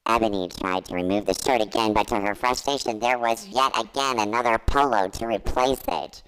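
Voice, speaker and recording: A man's voice: on the low side, normal speed, hardly any pauses, fairly bright tone, smooth, low-quality recording. A man giving a comedic dramatic reading, mock-earnest with wry asides. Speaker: guest reader.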